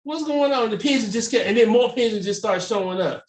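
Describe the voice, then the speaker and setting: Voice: mid-range voice, fast, distant mic. A podcast co-host in casual chat, telling stories with lots of swearing and acting out the voices of the people he quotes. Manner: animated storyteller, acts out quoted voices, swears freely. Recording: roomy echo, somewhat off mic.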